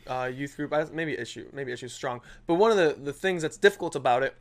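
A young man in his twenties co-hosting a relaxed podcast conversation. He talks at a brisk clip and tells stories with lively energy, peppered with fillers. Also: mid-range voice. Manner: animated storytelling with lots of filler. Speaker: podcast co-host. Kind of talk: casual chat.

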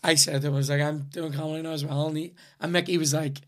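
A young Northern Irish man hosts a casual podcast chat, rambling through sweary stories and laughing along the way. His voice sits a little high for a man. He keeps a loose comic storyteller's manner. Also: level tone, fast. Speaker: podcast host and comedian.

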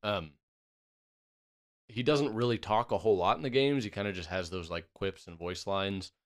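Young man, very low voice, smooth, podcast co-host, casual chat, opinionated. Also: moderate pace. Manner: chatty, laughs often, opinionated.

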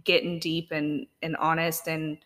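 Bright, even-toned woman host, reverberant. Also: low voice, a little slow. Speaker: podcast host. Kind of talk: casual faith chat. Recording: long reverb room.

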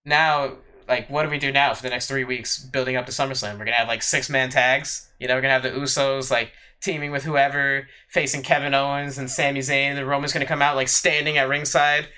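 A male podcast co-host with a bright, sharp voice, talking in a loose, casual way. He stumbles through plenty of fillers and repeats his words as he thinks aloud. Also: mid-range voice, flat delivery, brisk, few pauses, clear, resonant tone.

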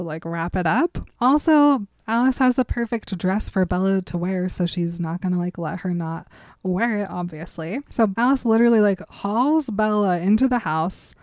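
A woman's voice: mid-range voice, moderate pace, a little mellow, dry recording. A woman co-hosting a casual podcast, recapping a story in a chatty, giggly way with lots of fillers. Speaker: podcast co-host. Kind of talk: casual book recap chat.

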